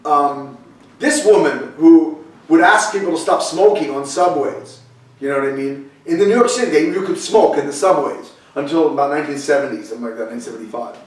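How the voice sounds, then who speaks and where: A man's voice: a little high, a little fast, recorded from a distance. An older man preaching a conversational sermon, telling stories with chatty asides and restarts. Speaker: pastor. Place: church sanctuary, echoey room. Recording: echoey room, voice from off-mic.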